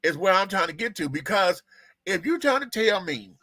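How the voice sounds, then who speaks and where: Sassy man hosting, lively pitch. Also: moderate pace, no room sound. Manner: sassy, profane, theatrical; talks to the audience while fixing tech. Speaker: show host. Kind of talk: live-stream gossip commentary.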